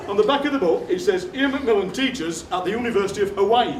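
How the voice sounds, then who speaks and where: Man, comic storyteller on stage, high voice, roomy hall, heard from far off. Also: fast talker, background noise. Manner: deadpan anecdotes, acting out other people's lines. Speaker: poet performing on stage. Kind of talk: comic storytelling to a live audience. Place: theatre stage. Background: audience laughter.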